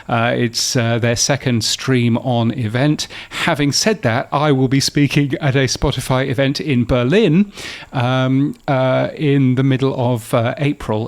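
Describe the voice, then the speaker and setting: A man hosts a podcast in a chatty, wry way, often restarting his sentences. His voice has a gravelly edge at a middling pitch. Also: moderate pace. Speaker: podcast news host. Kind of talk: casual podcast chat.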